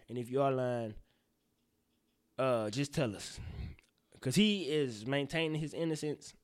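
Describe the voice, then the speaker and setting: Animated, swearing young podcast host. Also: male voice, fairly high pitch, dry recording, studio quality. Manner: animated, profane, goes off on tangents. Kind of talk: casual news commentary.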